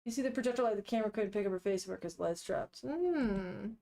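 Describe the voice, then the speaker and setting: A woman's voice: medium pitch, fast talker, warm tone. A young woman reading a manga aloud and chatting about the panels, giggly and casual. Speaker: manga reader streamer.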